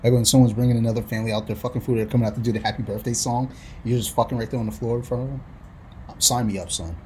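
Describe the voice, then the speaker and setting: A man's voice: medium pitch, steady tone, racing, darkish tone, slight background noise. A young adult man co-hosting a podcast, talking in a casual, crude, joking way and swearing a lot. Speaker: podcast co-host. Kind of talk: casual chat.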